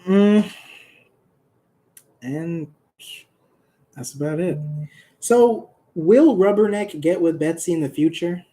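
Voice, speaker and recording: Young guy rambling on a stream, slow and mellow, jokey, laughs a lot. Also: high voice. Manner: rambling, joking, laughs often, gets worked up and shouts. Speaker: comic creator streaming. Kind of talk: casual livestream chat.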